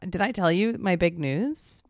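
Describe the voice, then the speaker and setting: A young woman co-hosting a podcast, telling a story in animated casual chat. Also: fairly low pitch, measured pace, no room sound, studio quality. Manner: animated storyteller, breaks into squealing excitement. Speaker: podcast co-host.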